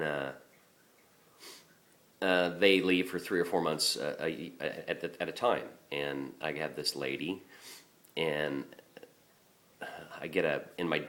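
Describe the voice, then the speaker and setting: A man's voice: rumbling low, sharp tone. A middle-aged man working as a garbage collector, telling a story casually in a rambling, profane way with many fillers and restarts.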